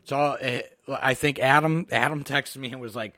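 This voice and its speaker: A middle-aged man co-hosting a podcast, chatting casually and telling rambling, profane, animated movie stories into a close mic. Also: mid-range voice, moderate pace, no room sound. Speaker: podcast co-host. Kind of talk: casual chat about movies.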